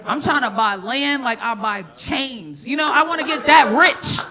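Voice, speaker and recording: A woman performing a live stand-up set on a comedy club stage, brash and profane, with sudden loud outbursts. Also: sits high, lively intonation, normal speed, a crowd in the background.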